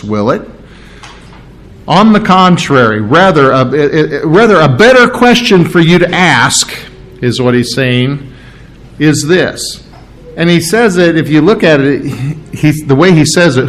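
Middle-aged male pastor, slightly high voice, casual verse-by-verse sermon with emphatic repetition. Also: animated, a little slow, fairly bright tone. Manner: conversational, with restarts and asides; emphatic on repeated phrases. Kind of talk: sermon, verse-by-verse Bible teaching.

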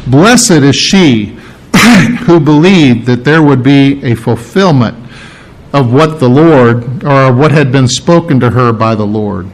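A pastor preaching a verse-by-verse sermon, animated, often repeating and restarting phrases as he presses his questions. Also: mid-range voice, slow. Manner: animated, rising to emphatic questions. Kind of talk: expository sermon.

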